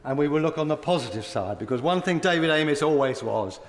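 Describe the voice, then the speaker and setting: An older man, a member of parliament, giving a tribute speech with warm, anecdotal storytelling and chuckles in a parliamentary chamber. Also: fairly high pitch, animated, fast, slight background noise. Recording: echoey hall with long reverb.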